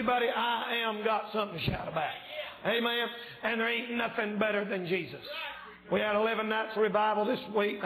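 A man preaching a fervent revival sermon in a church, shouting and yelling as he preaches, his voice a little strained. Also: sits high, reverberant, poor audio. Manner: yells and shouts when preaching. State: slightly strained voice. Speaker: evangelist preacher. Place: church sanctuary.

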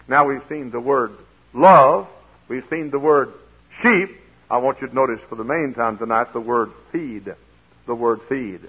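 A man preaching a folksy sermon in a church, sometimes swelling into loud, emphatic preaching. His voice is a bit husky, and it comes through a tinny, lo-fi old recording. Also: medium pitch, a little slow. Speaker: pastor.

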